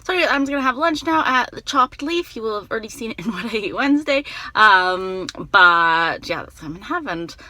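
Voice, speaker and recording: Bright-voiced chatty woman vlogger. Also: a little high, a little fast, few pauses. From Canada. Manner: chatty and excitable, rambling with many fillers. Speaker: vlogger and performance teacher. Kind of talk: casual vlog chat.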